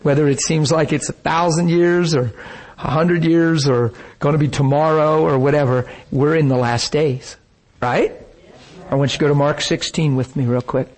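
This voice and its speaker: A man's voice: fairly high pitch, fairly even intonation, normal speed, darkish tone. A middle-aged man preaching a sermon, telling stories in an emotional, emphatic way.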